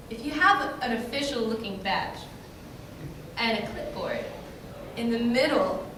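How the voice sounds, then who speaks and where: A young woman on a convention panel telling a story, animated and self-mocking, often laughing as she talks. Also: fairly high pitch. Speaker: panel guest. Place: large convention hall. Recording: echoey hall, mic far off, noisy.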